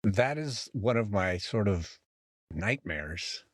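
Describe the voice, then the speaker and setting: Lively-voiced man musing in casual chat. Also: lowish voice, slow pace, breathy edge, no room sound, clean studio sound. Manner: laughing, self-conscious musing. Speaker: podcast co-host.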